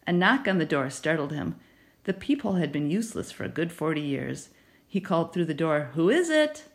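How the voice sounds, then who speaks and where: A woman narrating a children's novel in an expressive storytelling manner. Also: sits low, a little fast, gravelly. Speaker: audiobook narrator.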